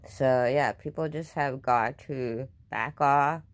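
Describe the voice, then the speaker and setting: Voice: mid-range voice, takes it slowly. An upset vlogger talks casually to camera at home, defensive and repeating themselves.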